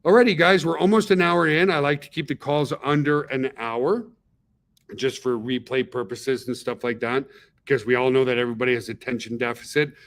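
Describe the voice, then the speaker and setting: A man's voice: mid-range voice, fairly even intonation, a little fast. Middle-aged male webinar host; casual, chatty founder type who checks in with his audience a lot. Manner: chatty, peppers talk with "okay?" and "guys".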